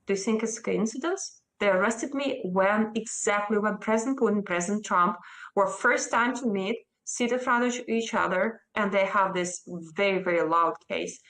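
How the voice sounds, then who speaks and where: A woman's voice: medium pitch, normal speed, fairly bright tone. Emphatic Russian-accented woman guest. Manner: emphatic, defiant, speaks in short insistent bursts. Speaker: interview guest.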